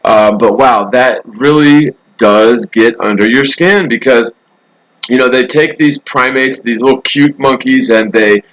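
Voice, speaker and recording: A man's voice: medium pitch, measured pace, a bit bright, low-quality recording. A man hosting a casual live stream from a hotel room, rambling through the news with sarcastic asides. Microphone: laptop mic.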